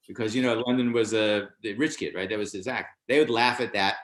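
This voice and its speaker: A man's voice: fairly low pitch, fairly even intonation, a little fast, fairly bright tone, reverberant. An older man, a stand-up comedian, telling a show-business anecdote in a casual interview and acting out other people's lines in a raised voice.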